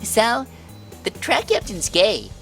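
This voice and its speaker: A man's voice: high-pitched, huge pitch swings, measured pace, creaky, a bit bright, soft background music, voice pushed up, heavily acted. A man putting on a raised, girlish voice for a giggly, bold young woman athlete in a game. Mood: playful.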